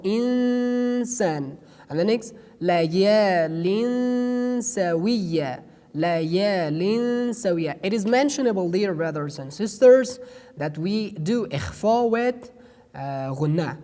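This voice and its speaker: A slow, unhurried teacher with a mellow, dark tone walks through pronunciation rules in careful. The speaker hesitates often and drags out each example twice. A long reverb trails after every phrase. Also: medium pitch. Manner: hesitant, many pauses and fillers, repeats each example slowly. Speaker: Quran recitation teacher.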